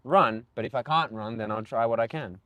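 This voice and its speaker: A man in casual conversation, calm, reflective and matter-of-fact. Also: medium pitch, brisk, dry recording, phone-quality sound.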